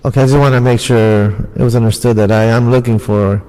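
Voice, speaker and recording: A man chairing a city committee meeting, briskly calling up the next speakers. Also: mid-range voice, steady tone, dark tone. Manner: brisk, calls speakers by name. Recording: echoey council chamber from a distance.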